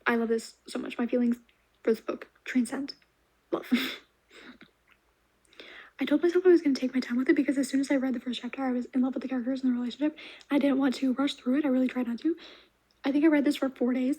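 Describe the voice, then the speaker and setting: A young woman chatting through her monthly reads in a quick, high voice. Her tone is soft and mellow with a breathy edge. She gushes with animated enthusiasm and slips into quiet asides. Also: low-quality recording. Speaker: book reviewer. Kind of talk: casual reading wrap-up vlog.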